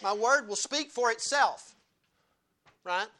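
A man's voice: very high voice, slow, sharp tone. A male pastor delivering a sermon at a church service, earnest, repeating key phrases and asking rhetorical questions.

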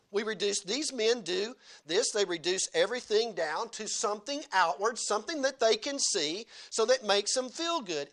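A man's voice: high-pitched, a bit bright. A male pastor delivering a sermon at a church service, earnest, repeating key phrases and asking rhetorical questions.

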